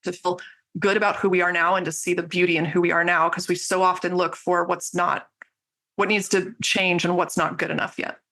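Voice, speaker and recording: A woman's voice: fairly low pitch, flat delivery, brisk, bright, forceful tone. A woman guest on a podcast, talking with passion and enthusiasm about her coaching work and business growth. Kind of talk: casual interview talk.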